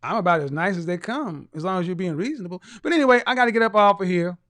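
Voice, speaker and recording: A man's voice: high-pitched, expressive, fast talker, a bit bright. A man hosting a live stream, reading viewer comments aloud and mocking them with teasing rhetorical questions and bursts of laughter.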